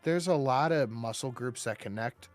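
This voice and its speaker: A male podcast co-host with a mid-range voice talks in a steady, matter-of-fact way. He lays things out plainly and deliberately. A faint music bed sits underneath. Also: mid-range voice. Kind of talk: casual chat.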